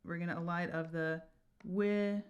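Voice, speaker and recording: A woman explaining poetic meter in a chatty lesson, reading quoted lines slowly and softly. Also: fairly low pitch, fairly even intonation, muffled recording. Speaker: verse teacher.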